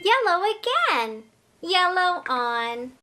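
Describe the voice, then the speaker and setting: A children's educator hosts a toddler learning show, her extremely high voice swinging widely in pitch as she talks slowly over a very noisy background. Her slow sing-song teaching is playful and exaggerated, with animal sounds and lots of encouragement aimed straight at the young viewer.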